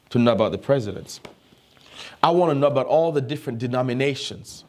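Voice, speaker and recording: A pastor who is not a native English speaker delivers a sermon full of emphatic, repeated phrases, often asking his listeners if they are listening. His voice is medium-pitched.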